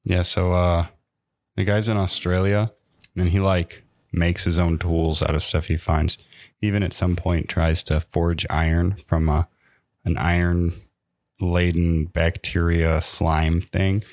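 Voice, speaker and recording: A man with a very low voice co-hosts a casual podcast chat. He rambles through stories in a laid-back way. The sound is close and dry, with no room echo. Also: flat delivery, takes it slowly, a little mellow. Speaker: podcast co-host.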